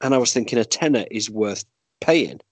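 A man's voice: fairly low pitch, expressive, moderate pace, no room sound. A man with a Yorkshire accent chatting on a podcast, rambling and swearing freely as he tells stories. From Yorkshire, England. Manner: rambling, swearing, laughing storyteller. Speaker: podcast guest and movie podcast host. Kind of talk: casual podcast chat.

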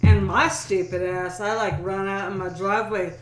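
A woman's voice: mid-range voice, fairly even intonation, normal speed, roomy sound, soft background music. A woman, co-hosting a podcast and telling a story with casual swearing and laughter. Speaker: podcast co-host. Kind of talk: casual chat.

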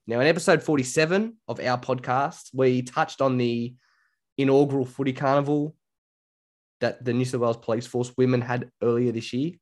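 An Australian man co-hosts a podcast in a relaxed, chatty way, speaking at a moderate pace in a middle-pitched voice. He tells stories with animation and acts out what other people said.

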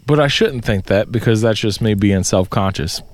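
A man telling a story in casual podcast chat, swearing a lot and getting loud in disbelief. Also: lowish voice, moderate pace. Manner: profane, animated storytelling, rising to loud disbelief. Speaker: podcast co-host.

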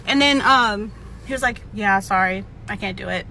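A woman's voice: medium pitch, moderate pace, sharp tone, slight background noise. A woman telling a dating story in a casual clip, rambling and frustrated as she quotes what was said. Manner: rambling, frustrated, quoting others.

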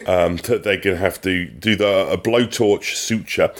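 A man co-hosting a podcast, recapping a TV episode in casual chat, rambling with many pauses and restarts. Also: sits low. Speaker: podcast co-host.

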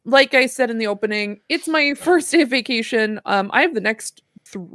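A woman's voice: a little high, lively intonation, normal speed, fairly bright tone, no echo, clean studio sound. A woman hosting a casual podcast, chatty and full of fillers, often laughing. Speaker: podcast host.

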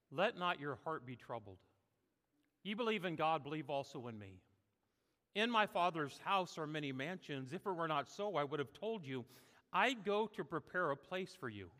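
A man's voice: on the high side, bright, forceful tone, in a large hall. A male pastor preaching a sermon in church, emphatic and full of "uh" fillers. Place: church sanctuary.

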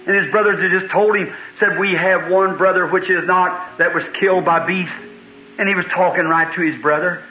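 A man's voice: sits high, steady tone, normal speed. A man preaching a revival sermon, telling the story in a fervent, folksy way that rises into cries. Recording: tinny, echoey 1950s tape recording.

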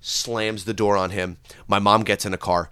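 A man's voice: lowish voice, normal speed, clear, resonant tone, no room sound. A man co-hosting a podcast, telling a wild story in casual chat, swearing freely and acting out screams. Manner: animated storyteller, swears a lot, shouts out quoted screams. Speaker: podcast co-host.

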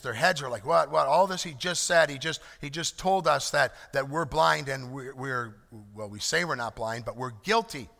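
A man's voice: a little high, gravelly, sharp tone, in a large hall. A man preaching a sermon, earnest and emphatic, repeating key phrases as he explains a scripture passage. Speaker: pastor.

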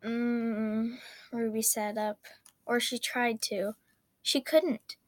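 A woman reading a story aloud in an expressive, dramatic way. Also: fairly high pitch, slow, no echo.

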